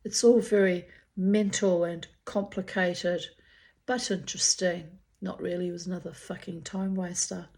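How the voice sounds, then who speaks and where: A woman's voice: lowish voice, steady tone, a little slow, darkish tone. An older Australian woman reading aloud from her old diary with candid, chatty asides and frequent swearing.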